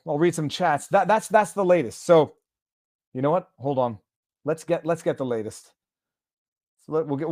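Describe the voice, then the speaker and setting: A man's voice: medium pitch, darkish tone, no echo, studio quality. A man hosting a live stream, reading documents aloud and translating them in real time with sarcastic asides. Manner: sarcastic, reads text aloud and translates on the fly. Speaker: host. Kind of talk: casual live-stream commentary.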